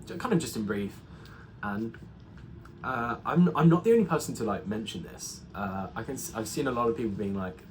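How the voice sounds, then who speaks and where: A man's voice: fairly low pitch, animated, a little fast, a little hiss or hum. A young man giving a casual spoken film review, rambling with many fillers and restarts. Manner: rambling, full of ums and restarts.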